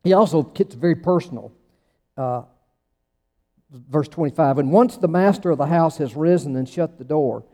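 A man's voice: a little high, normal speed, long pauses, mellow. A man preaching a sermon in a conversational, emphatic way, with sudden rising bursts. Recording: long church reverb.

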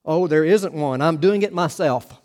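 A man's voice: a little high, moderate pace, a little mellow, natural voice. A man voicing a self-satisfied young woman who is marrying herself, in an earnest, matter-of-fact way.

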